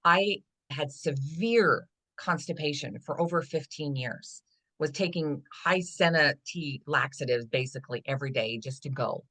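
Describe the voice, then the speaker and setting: A woman with a notably low voice, speaking as a podcast guest over a call. She talks in an animated storytelling way and slips into the voices of the people in her stories. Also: measured pace. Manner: animated storytelling, acting out dialogue. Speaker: guest, body trust coach. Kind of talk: casual podcast conversation.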